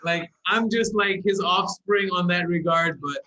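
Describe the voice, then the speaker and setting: A young man as a podcast guest, telling stories in animated casual chat and laughing often. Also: high voice, a little slow, slight background noise, low-quality recording. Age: young adult.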